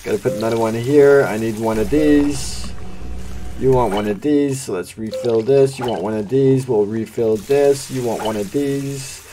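A man's voice: mid-range voice, normal speed, warm tone, slight background noise. A man giving live commentary on a cooking game, talking to the customers, getting frantic and swearing under pressure. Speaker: gameplay streamer. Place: home gaming setup. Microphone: desk microphone.

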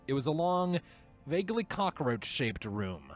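A man narrating a fan-written story aloud, reading with steady, expressive storytelling. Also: fairly high pitch, unhurried. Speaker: fanfiction reader. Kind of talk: audiobook-style story narration. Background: faint music.

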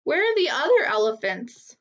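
A woman's voice: high voice, big pitch swings, normal speed, pitched above the performer's own voice. A woman voicing a small, curious young female elephant who asks eager questions like a child. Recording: slightly muffled lo-fi recording.

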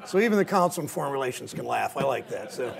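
A man with a raspy, gravelly voice giving a folksy, self-deprecating speech with anecdotes to an audience in a meeting room, with a Midwestern American accent. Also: mid-range voice, very animated, quick pace, heavy background noise. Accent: Ohio, Midwestern American. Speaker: senator giving a talk. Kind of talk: after-dinner style speech with anecdotes.

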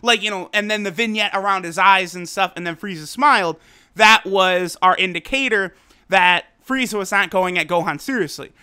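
A man reviewing an anime episode in a loose, excitable way, swearing freely and laughing as he recaps. His voice is bright and forceful. The tone is smooth and clear. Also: sits high, moderate pace. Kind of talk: casual video review.

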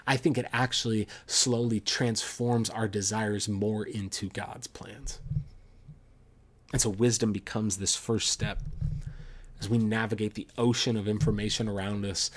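A young man preaching to a youth group, earnest and sometimes restarting his words. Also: fairly low pitch. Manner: earnest, with restarts, reads a story aloud. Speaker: youth pastor. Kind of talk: sermon. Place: church service streamed online.

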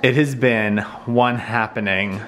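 A young man chatting casually in a home vlog, relaxed and quietly upbeat. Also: mid-range voice, slow pace, a crowd in the background. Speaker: vlogger.

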